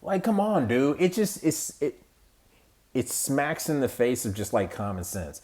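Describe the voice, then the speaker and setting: An exasperated man from the United States hosts his own podcast, talking loosely and bluntly. He rambles, swears and circles back on his sentences as he goes. His voice sits at an ordinary middle pitch for a man. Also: big pitch swings, a little slow, darkish tone. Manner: exasperated, rambling, frequent restarts and slang. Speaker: podcast host. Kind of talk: casual political commentary.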